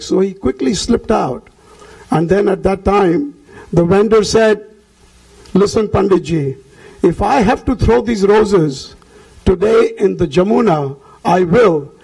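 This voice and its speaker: A man tells a devotional story, giving voice to each character in turn. His voice sits high for a man, with a dark, gravelly edge. The tone stays husky throughout. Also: low-quality recording. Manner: acts out the characters' lines in the story. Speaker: temple speaker.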